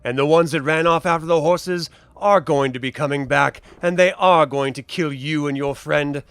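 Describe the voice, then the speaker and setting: A man's voice: on the high side, normal speed, fairly bright tone, clean tone, dry recording. A man doing a menacing masked cultist villain. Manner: menacing, taunting. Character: sinister red-robed male cultist in bird mask.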